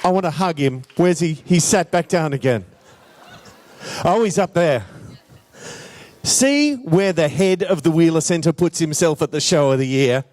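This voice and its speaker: A man's voice: on the high side, lively intonation, unhurried, darkish tone, a faint crowd. A man hosting a live show, bantering playfully with the audience. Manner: playful, addresses audience, hesitant restarts. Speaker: host and emcee. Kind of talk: live stage emcee banter.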